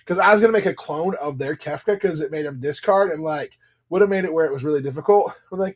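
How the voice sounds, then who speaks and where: This man's voice is a little high and brisk. He's a live stream seller cracking open card packs, reading the cards out, greeting viewers by name, and drifting into rambling, chatty stories for his audience.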